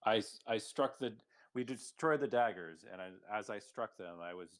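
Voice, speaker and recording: A man playing a tabletop game, speaking hesitantly and haltingly with restarts. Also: fairly low pitch, lively intonation, no echo. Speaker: player. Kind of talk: tabletop role-play.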